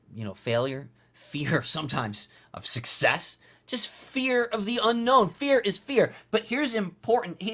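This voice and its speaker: A man giving a motivational lecture for an online course. He speaks with animated emphasis, swinging between loud, high stresses and soft, low asides, and he often repeats his key lines. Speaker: course instructor.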